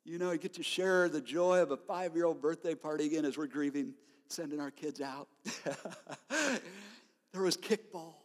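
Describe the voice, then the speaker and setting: A man preaching a sermon as a pastor, telling stories in an animated way and laughing often. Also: on the high side, moderate pace. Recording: long hall reverb.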